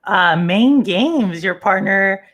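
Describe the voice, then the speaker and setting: A man from Texas hosting a casual livestream podcast, joking and shouting out viewers in the chat. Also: high-pitched, lively intonation, takes it slowly. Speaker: podcast host.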